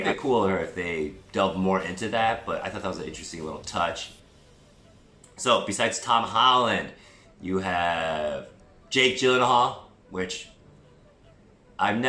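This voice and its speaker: A man's voice: low voice, bright, forceful tone. A man giving a chatty, digressive movie review vlog, with self-deprecating asides. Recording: roomy echo with faint music.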